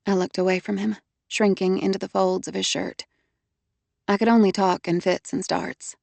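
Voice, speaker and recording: Gravelly woman narrating an audiobook. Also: medium pitch, level tone, moderate pace, a little mellow, dry recording. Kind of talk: first-person audiobook narration.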